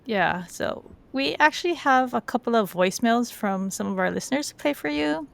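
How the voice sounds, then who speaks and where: Lively high-voiced woman podcast host. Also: normal speed, vocal fry. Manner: upbeat, giggly, chatty. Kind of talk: podcast interview.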